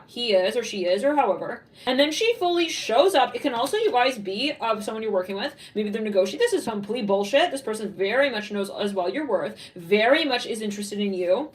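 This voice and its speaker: A woman's voice: on the high side, distant mic, poor audio. A woman giving a psychic tarot reading, blunt and rambling, swearing freely and voicing what she is picking up. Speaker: tarot reader.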